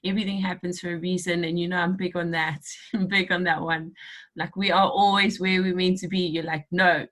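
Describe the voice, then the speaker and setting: A woman's voice: on the low side, flat delivery, a little fast, fairly bright tone. A middle-aged woman hosting a podcast, chatting casually, laughing often and acting out bits of conversation. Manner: chatty, laughs often, acts out quoted dialogue. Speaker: podcast host. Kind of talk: casual chat.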